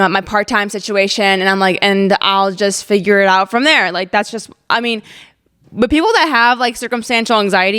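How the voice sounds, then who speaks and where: A woman's voice: mid-range voice, smooth. A young woman in her twenties hosting a podcast, telling a personal story in a candid, chatty way with lots of "like"s. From Ozarks, USA. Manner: chatty, many "like"s, candid and expressive. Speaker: podcast host.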